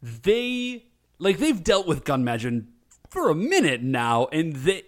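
A man co-hosting a casual chat, retelling a show with lively voiced quotes. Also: a little high. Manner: animated storytelling with quick voiced quotes. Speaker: podcast co-host recapping a show.

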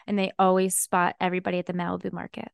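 A woman's voice: fairly low pitch, monotone, racing, vocal fry, smooth, no room sound. A young woman co-hosting a podcast, ranting emphatically in casual chat and laughing along. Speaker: podcast co-host.

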